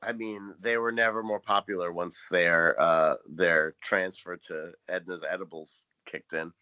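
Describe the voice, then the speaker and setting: A man's voice: deep voice, fairly even intonation, unhurried, bright, forceful tone, clear, resonant tone, no echo, highs cut off. A man co-hosting a casual TV recap podcast, summarizing plot with dry, sarcastic asides. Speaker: podcast co-host.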